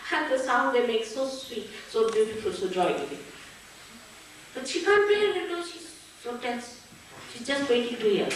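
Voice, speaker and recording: A woman with an Indian English accent gives a spiritual talk, her voice rising and falling in a lively way. She is recorded from some distance in a very echoey hall, with a faint ambient hum behind her. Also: fairly high pitch. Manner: storytelling with anecdotes and acted-out quotes. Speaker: spiritual teacher. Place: town hall.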